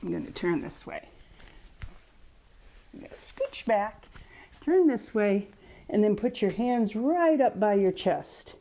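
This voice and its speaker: A woman reads a children's picture book and guides young kids through yoga moves between the pages. She talks slowly and patiently in a middle-pitched voice, coaching and encouraging as she goes. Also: sing-song, mellow. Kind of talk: storybook reading with kids' yoga instruction.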